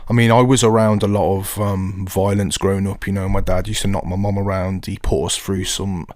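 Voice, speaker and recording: Fast chatty bloke, thirties, dry close sound. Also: male voice, low voice, level tone, darkish tone, dry recording. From England. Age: 30s. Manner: chatty, keeps saying "do you know what I mean". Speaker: podcast host. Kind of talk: casual chat.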